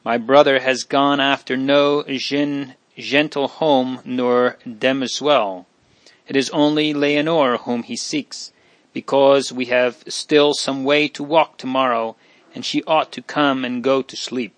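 A man's voice: mid-range voice, fairly even intonation, takes it slowly, no room sound, lightly acted. A man voicing an anxious young woman. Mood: guarded. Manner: pleading, anxious. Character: young woman traveler, frightened but composed.

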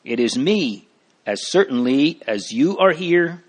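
A man voicing a kindly, wise old male pilgrim in a storybook reading, gentle and fatherly. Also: fairly high pitch, animated, slow pace, voice pushed up.

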